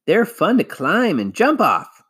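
Man as a curious little girl, eager and questioning, lifted pitch, storybook. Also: wildly swooping pitch, a little slow, fairly bright tone, slightly rough, full character voice. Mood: playful.

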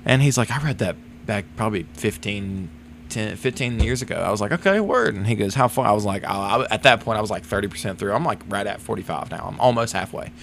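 Young man, gravelly voice, lively pitch, casual podcast chat, swearing, faint background hiss. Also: fast talker. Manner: animated storytelling, casual swearing, acts out quotes. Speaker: podcast co-host.

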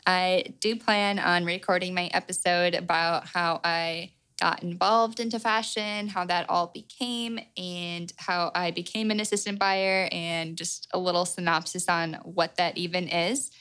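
A woman's voice: lowish voice, steady tone, measured pace, hardly any pauses, fairly bright tone, clean tone, rough recording. A young adult woman hosting a solo podcast, giving chatty, encouraging advice with lots of "like" in her speech. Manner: chatty and encouraging, heavy use of "like". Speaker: podcast host. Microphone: own microphone.

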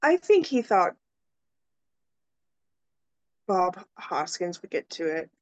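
A woman's voice: lowish voice, very animated, measured pace, no echo. A woman co-hosting a film podcast, chatting casually and hesitantly, trailing off with "um"s. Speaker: podcast co-host.

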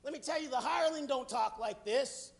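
High-pitched fervent preacher man. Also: fairly quick. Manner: fervent, building to shouts. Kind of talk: sermon.

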